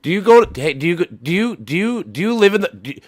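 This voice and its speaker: A man's voice: sits high, very animated, quick pace, dry recording. A man streaming a casual voice chat, arguing heatedly, swearing often and repeating himself as he presses his point.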